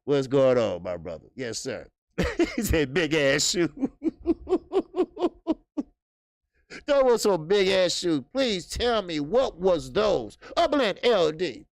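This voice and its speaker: Gravelly, profane livestream host. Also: male voice, fairly high pitch, sing-song, a little slow, dry recording, studio quality. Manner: loose and profane, reading out chat comments, bursts of laughter. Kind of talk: casual livestream chat.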